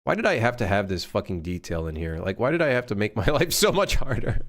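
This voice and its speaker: A man streaming his game development, muttering and swearing at the software as he works. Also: fairly low pitch, very animated, fast talker, few pauses. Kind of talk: casual live-stream commentary while working.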